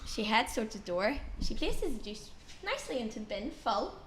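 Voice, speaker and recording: A woman telling an anecdote in casual chat, animated and acting out quotes. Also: fairly high pitch, a little fast, a little hiss or hum. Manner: animated, laughing, acts out quotes. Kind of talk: casual storytelling.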